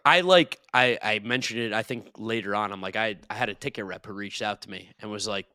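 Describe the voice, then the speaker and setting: A man co-hosting a sports podcast, animated and profane, often acting out what others say. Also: on the low side, a little fast, clear, resonant tone, dry recording, clean studio sound. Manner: animated, profane, quotes people in voices. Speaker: podcast co-host. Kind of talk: excited casual chat.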